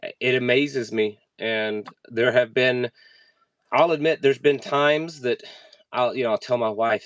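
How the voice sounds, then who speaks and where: A man hosting an interview, telling a personal story in an earnest, halting way with many restarts. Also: mid-range voice, no room sound. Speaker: podcast host. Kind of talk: casual conversational interview.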